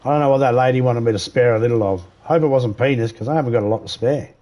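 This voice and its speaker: A man's voice: medium pitch, rapid-fire, dark tone. A man with an Australian accent chatting casually on a live game stream, greeting viewers by name and cracking crude jokes. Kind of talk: casual live-stream chat over gameplay.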